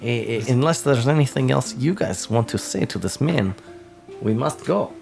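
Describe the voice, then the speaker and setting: A man voicing a male adventurer from another culture who speaks in a stilted, halting way in a tabletop game. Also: mid-range voice, expressive, creaky, a little mellow, faint music behind. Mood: formal.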